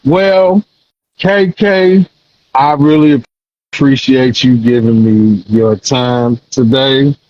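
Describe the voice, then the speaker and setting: A man's voice: medium pitch, slow pace, darkish tone, lo-fi sound, a little hiss or hum. Hype-talking male podcast host. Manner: hype, affectionate, loose slang. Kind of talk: casual talk show chat.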